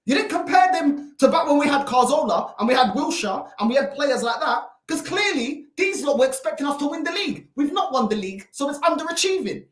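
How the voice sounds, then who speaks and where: A London woman with a high, swinging voice hosts a casual reaction chat. She rants with exasperated rhetorical questions and breaks into laughs. The room gives her voice a noticeable echo. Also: lively intonation, brisk, hardly any pauses. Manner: exasperated, ranting, laughs often. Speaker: channel host. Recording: roomy echo.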